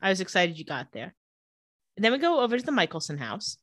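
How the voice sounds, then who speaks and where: A woman's voice: mid-range voice, fast talker, no room sound. A woman co-hosting a casual podcast, recapping an episode with lots of laughter and playful asides. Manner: lively, giggly, acts out quoted lines.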